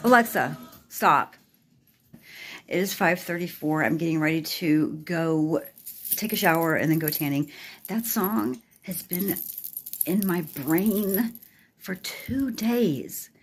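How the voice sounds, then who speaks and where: A hoarse, worked-up woman venting casually to her vlog audience with exasperated, laughing asides. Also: on the low side, lively intonation, takes it slowly, pauses often, faint music behind. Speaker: vlogger. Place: in a car, then at home.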